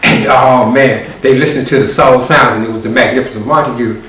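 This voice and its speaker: A man telling a story live, animated and rhythmic with spoken sound effects. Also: medium pitch, a little fast, slight background noise. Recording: very echoey room, distant mic.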